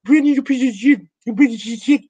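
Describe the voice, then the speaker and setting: Man putting on a high squeaky dog voice, taunting, dry room sound. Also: quick pace, dark tone, no room sound. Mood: mocking.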